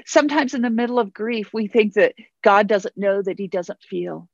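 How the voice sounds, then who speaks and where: A woman's voice: medium pitch, moderate pace, gravelly, no room sound, lo-fi sound. Earnest woman pastor preaching. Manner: earnest, repeats phrases for emphasis. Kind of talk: sermon.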